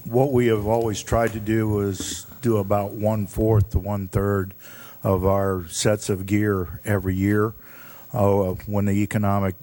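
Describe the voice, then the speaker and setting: Low mellow fire chief guy, flat steady delivery, lots of ums, explaining stuff at a city meeting. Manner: measured, explanatory, with frequent ums. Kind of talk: answering questions at a public meeting.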